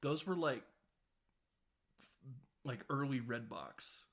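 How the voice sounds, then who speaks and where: Male podcast host, average pitch, casual scene-by-scene movie recap with playful quoted voices. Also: lively intonation, fairly bright tone. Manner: retells scenes with quick quoted character voices and laughs.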